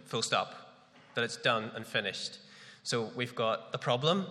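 A man preaching a morning sermon with a head cold, chatty and self-deprecating, dropping fillers as he goes. His voice is bright and forceful. A long reverb trails behind him as in a large church hall. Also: medium pitch, steady tone, unhurried.

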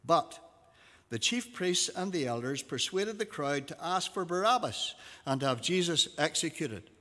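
Bright-voiced man reading scripture. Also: fairly high pitch, measured pace. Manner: expressive reading, acting out quoted lines. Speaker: teacher. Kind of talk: reading scripture aloud in a class. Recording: long reverb of a hall.

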